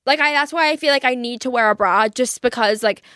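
Young woman host, somewhat high voice, dry close sound, rambling and sweary confessional chat. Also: brisk, pushed and bright, no echo. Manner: rambling, filler-heavy, sweary. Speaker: podcast host. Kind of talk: casual confessional monologue.

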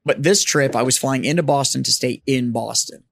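A man hosting a podcast, telling stories in a casual bar chat, animated and swearing freely. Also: medium pitch, normal speed, vocal fry, no echo, studio quality. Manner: animated storyteller, swears freely, mimics voices. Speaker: podcast host. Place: studio set up as a bar.

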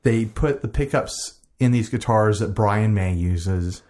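A man's voice: fairly low pitch, measured pace, darkish tone. A man co-hosting a casual podcast, chatting in a rambling, enthusiastic way and laughing easily. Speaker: podcast co-host. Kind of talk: casual chat.

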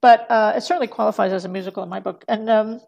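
Gravelly woman rambling through a podcast chat. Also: medium pitch, steady tone, quick pace, a little mellow. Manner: rambling with many fillers and restarts, laughing often. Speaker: guest. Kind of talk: casual podcast conversation.

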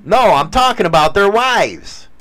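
A radio host with a Chicago accent, bantering in a brash, crude, teasing way. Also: male voice, sits high, very animated, measured pace, fairly bright tone.

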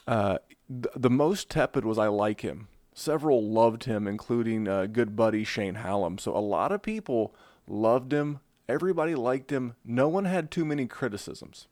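A man's voice: mid-range voice, moderate pace, no room sound. Dry-sounding man hosting a football podcast. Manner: conversational, animated analysis with frequent restarts. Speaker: podcast host. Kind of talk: casual fantasy football podcast chat.

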